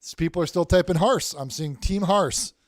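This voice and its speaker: A man's voice: fairly high pitch, moderate pace, dry recording, studio quality. A man hosting a casual livestream, reading viewer messages aloud with many restarts and repeated words. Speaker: livestream host reading chat.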